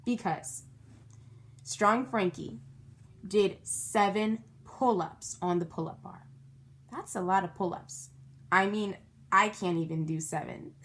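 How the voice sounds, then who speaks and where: A woman's voice: medium pitch, takes it slowly, pauses often, fairly bright tone. A woman reading a children's book aloud, stopping to explain words and ask her young listeners questions. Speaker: storybook reader.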